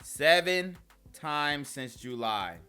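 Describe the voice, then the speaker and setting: Slow, bright-voiced young man reacting. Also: on the high side, animated, clean tone, faint music behind. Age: young adult. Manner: laughing, slangy and loose. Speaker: commentary host. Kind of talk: casual reaction commentary.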